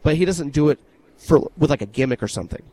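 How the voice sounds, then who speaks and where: A man co-hosting a podcast, telling stories in an animated, casual way and swearing freely. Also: on the high side, quick pace, low-quality recording. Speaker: podcast co-host. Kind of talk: casual chat.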